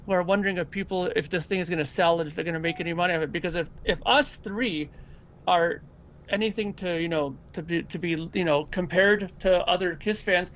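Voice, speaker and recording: High-voiced man hosting a chatty podcast. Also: brisk, muffled recording, slight background noise. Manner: animated storyteller who acts out quoted people. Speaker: podcast host. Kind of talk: casual chat.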